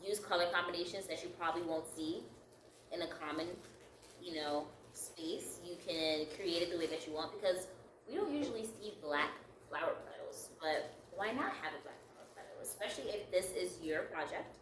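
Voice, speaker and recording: A woman's voice: lowish voice, moderate pace, roomy sound, distant mic, noisy background. A woman leading a step-by-step craft tutorial, upbeat and encouraging, laughing lightly at her own slips. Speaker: craft instructor.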